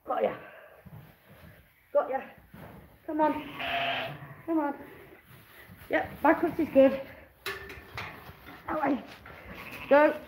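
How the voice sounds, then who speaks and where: A woman with a high, gravelly voice draws out her words and leaves long pauses, with noise in the background. She's filming a farm vlog in a sheep pen, wrestling and coaxing a ewe with sighs and swearing and chatting to viewers in between.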